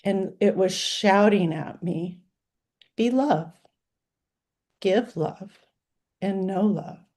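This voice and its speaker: A woman's voice: medium pitch, mellow. A woman in her sixties, a life coach, giving an earnest, emotional talk in list-like phrases. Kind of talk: heartfelt talk.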